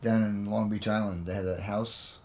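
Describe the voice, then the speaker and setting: A middle-aged man chiming into a casual story with dry, steady remarks. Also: lowish voice, normal speed, a little hiss or hum. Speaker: podcast co-host.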